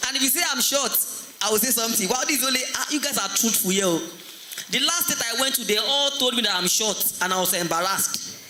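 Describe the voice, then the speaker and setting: A man from Nigeria doing animated stand-up storytelling as compere at a school event, drawing the audience into call-and-response. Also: very high-pitched, quick pace. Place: school hall. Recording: echoey hall, faint noise.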